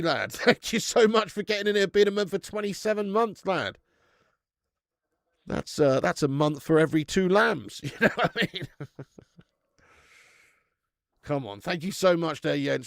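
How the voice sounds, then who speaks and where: A man in his twenties calls a football match live for his fan channel, loud and excitable, swearing freely and bantering with chat. His voice sits high and has a gravelly edge. It is recorded close and dry. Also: no room sound. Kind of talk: live football watch-along commentary.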